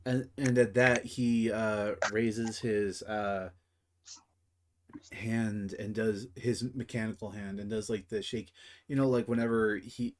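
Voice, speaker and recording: A man's voice: lowish voice, flat delivery, slow. A man running a tabletop game as game master, narrating casually with swearing and lots of fillers. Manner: casual and profane, with many fillers.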